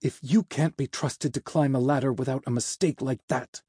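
A man's voice: mid-range voice, fairly even intonation, normal speed, mellow, breathy edge, dry recording, clean studio sound, natural voice. A man reading a story and voicing a stern, commanding male angel who scolds and hisses. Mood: scolding. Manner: hissing, scolding. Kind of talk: audiobook character voice.

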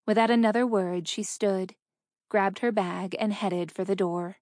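A woman's voice: medium pitch, steady tone, measured pace, darkish tone, no echo. Woman narrating an audiobook, dry.

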